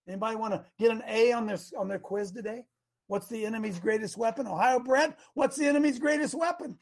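Animated preacher man who shouts for emphasis. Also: high voice. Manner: banters with and quizzes the congregation. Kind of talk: interactive sermon.

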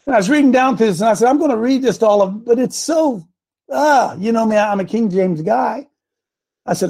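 A man preaching a sermon, fervent and folksy, climbing into loud emphatic passages when he reads scripture. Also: sits high, fairly quick, creaky, husky. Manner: fervent, rising to shouts on scripture, folksy asides.

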